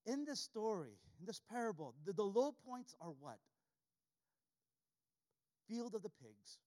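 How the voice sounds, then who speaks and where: A man's voice: high voice, big pitch swings, unhurried, a little mellow. A man preaching a sermon, reading scripture aloud and repeating key lines for emphasis. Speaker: pastor.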